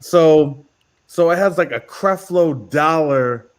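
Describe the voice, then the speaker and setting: A man on a panel chatting casually in an amused, unhurried way. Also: on the high side, clean tone.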